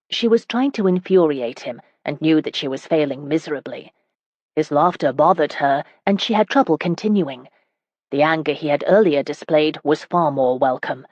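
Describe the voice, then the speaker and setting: A woman reading a historical romance audiobook aloud in a measured, even narration. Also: low-pitched, no room sound. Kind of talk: scripted narration.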